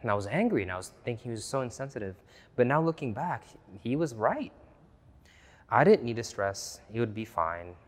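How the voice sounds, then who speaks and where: A pastor delivers an earnest sermon at an ordinary pitch for a man, hammering his points home through repetition. His voice moves from hushed, intimate lines to loud, urgent ones, and a long reverb from a large hall trails every phrase. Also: sing-song, fairly quick.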